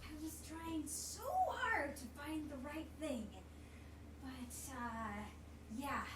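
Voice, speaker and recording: A woman's voice: high voice, sing-song, slow. A woman performing improvised comedy, earnest, giggly and sweetly apologetic. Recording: echoey stage, far mic, loud noise.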